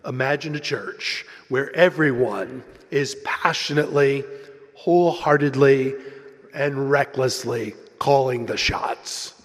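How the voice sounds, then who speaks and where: A man voicing a deep-voiced male church ad announcer who intones in a smooth, salesy pitchman style. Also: slow pace, long reverb tail, lightly acted.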